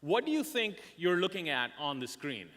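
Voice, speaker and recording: A man giving a motivational conference talk as a career coach, telling stories dramatically with emphatic pauses. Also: on the high side, very animated, fairly bright tone. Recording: reverberant hall.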